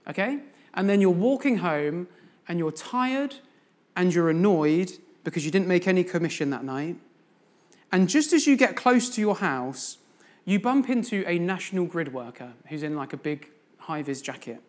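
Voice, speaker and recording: A man's voice: high-pitched, big pitch swings, moderate pace. A man giving a sermon as a guest preacher in a church, telling a story and putting questions to the congregation.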